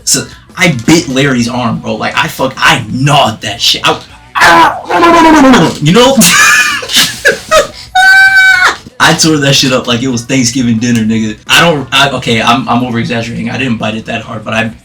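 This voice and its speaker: A man vlogging a storytime, animated and profane, laughing as he tells it. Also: medium pitch, a little fast, faint music behind. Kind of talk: storytime vlog.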